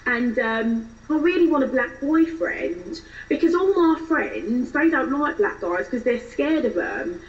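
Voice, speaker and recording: A woman's voice: high-pitched, lively intonation, measured pace, hardly any pauses, recorded from a distance, highs cut off. A woman voicing a shallow young Essex woman who loves shopping, with an Essex accent and bubbly, airheaded chatter.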